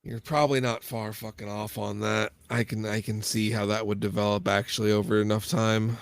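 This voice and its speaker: A man's voice: fairly low pitch, flat delivery, a little fast, gravelly. A man hosting a podcast, talking in casual, sardonic banter and swearing a lot. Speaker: podcast host.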